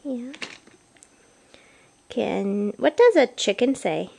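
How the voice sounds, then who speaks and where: Woman, parent on a home video, very slow and gravelly, coaxing a toddler in the living room. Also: fairly high pitch, sing-song, dark tone. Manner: slow, sing-song questions to a small child. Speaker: parent filming her toddler.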